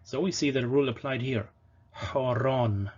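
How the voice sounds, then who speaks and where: Man slowly sounding out old words. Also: medium pitch, dull audio. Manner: explains patiently, slows to sound out words. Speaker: language lecturer. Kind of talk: educational lecture on pronunciation.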